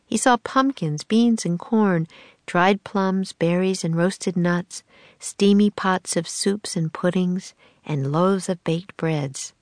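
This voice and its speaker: A woman narrating a children's audiobook in a calm, even storytelling manner. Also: fairly low pitch, takes it slowly, dry recording. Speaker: audiobook reader.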